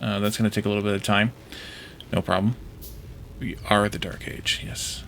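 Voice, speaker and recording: A man's voice: fairly low pitch, steady tone, normal speed, creaky, fairly bright tone, a little hiss or hum. Joking man rambling over gameplay. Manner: rambling, joking, trying out foreign words. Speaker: streamer playing a modded factory game. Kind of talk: casual gameplay commentary with chat.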